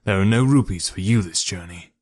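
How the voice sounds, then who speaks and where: This storybook-style reading has a man portraying a middle-aged ex-convict who is bitter and defiant. He speaks fairly quickly, and his low, steady voice is husky and full of raw passion.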